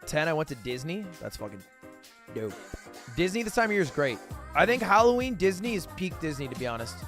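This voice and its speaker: A young man livestreaming and chatting casually with his audience, telling stories in an excited, rambling way with stammering restarts and plenty of swearing. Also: a little high, fairly quick, soft background music. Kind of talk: casual chat with a live audience.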